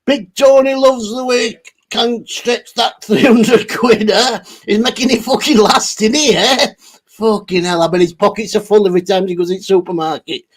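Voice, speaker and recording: A man chats his way through a livestream, reading viewer comments and going off on blunt, profane tangents. His voice sits high for a man and has a husky edge. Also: fairly even intonation, normal speed. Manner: rambling, heavy swearing, blunt. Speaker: livestream host.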